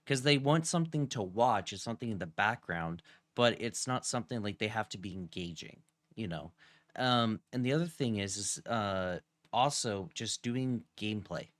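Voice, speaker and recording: A man hosting a casual stream chat, talking in a relaxed way with plenty of fillers. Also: on the low side, moderate pace, dry recording. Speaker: streamer host interviewing a guest.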